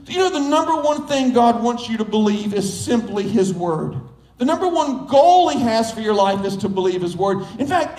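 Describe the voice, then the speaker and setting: A high-voiced male pastor preaching an emphatic sermon, stacking up repeated phrases. His voice rings out through a reverberant church hall. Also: darkish tone. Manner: emphatic, building with repetition.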